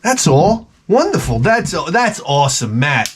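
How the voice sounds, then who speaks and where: A man vlogging as he opens fan packages, talking in a rambling, excitable way and swearing freely. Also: a little high, measured pace, a little hiss or hum. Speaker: vlogger opening fan mail. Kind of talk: casual unboxing chat. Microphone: camera mic.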